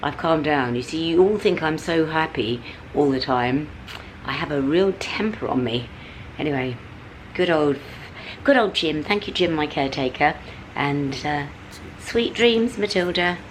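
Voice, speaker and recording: A woman's voice: measured pace, slight background noise, low-quality recording. Exasperated middle-aged British woman vlogging. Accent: British English. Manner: exasperated ranting, animated swings in pitch. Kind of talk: casual vlog to camera. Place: at home and out on a city street.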